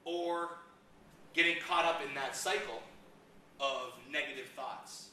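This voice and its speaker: A middle-aged man speaking at a seminar, lively and acting out little scenes as he makes his points. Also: a little high, slow pace, slight background noise. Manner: animated, acts out little scenes in raised voices. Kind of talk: motivational seminar talk. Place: seminar room. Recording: echoey room, mic from a distance.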